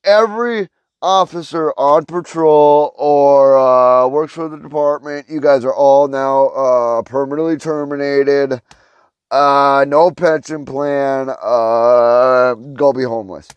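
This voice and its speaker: A man's voice: medium pitch, fairly even intonation, slow pace, clear, resonant tone, no room sound, lo-fi sound, lightly acted. A man voicing a male government official who bluntly announces that the police are abolished. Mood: mock-official.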